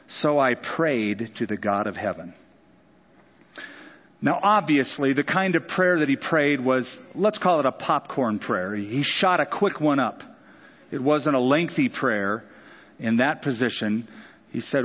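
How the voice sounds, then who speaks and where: A man preaching a sermon, explaining a scripture passage with quick asides and acted-out quotes. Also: mid-range voice, animated, fairly bright tone. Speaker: pastor. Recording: dull sound with long hall reverb.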